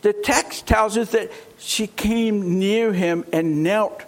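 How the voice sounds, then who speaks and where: A man's voice: high voice, slow, hardly any pauses, slight background noise. A man preaching a sermon, emphatic and fond of rhetorical questions.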